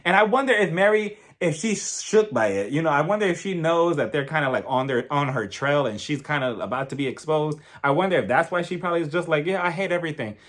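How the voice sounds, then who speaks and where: Guy doing a gossipy reality tv recap, super expressive pitch all over the place. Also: quick pace, few pauses. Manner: animated, gossipy, acts out quotes. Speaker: reality TV reviewer. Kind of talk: casual episode recap.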